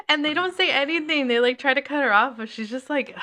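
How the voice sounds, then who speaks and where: A young woman co-hosting a casual chat, telling a work story in a lively way and swearing often. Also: high voice, moderate pace, long pauses. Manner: animated storytelling with frequent swearing. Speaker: podcast co-host.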